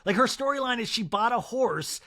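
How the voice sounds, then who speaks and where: Podcast host, young man, high voice, dishy and animated, given to quick mock impressions. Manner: gossipy, animated, breaks into mock impressions of reality stars. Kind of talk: casual chat.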